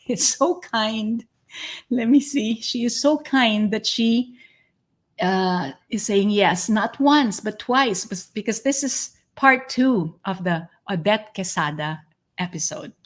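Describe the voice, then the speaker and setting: A woman hosting an interview podcast, speaking in an earnest, effusive and reflective way. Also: medium pitch. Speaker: podcast host.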